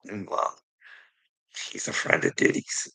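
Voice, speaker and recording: A man's voice: unhurried, sharp tone, rough recording. A man delivering a heated, profane rant to his viewers, confrontational and swearing constantly. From Canada. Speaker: streamer.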